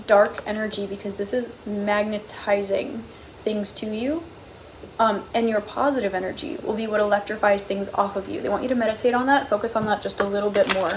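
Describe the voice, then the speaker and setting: A woman's voice: on the high side, a little mellow, a little hiss or hum. A woman giving a casual, chatty tarot card reading, bubbly and full of "like" and "okay?".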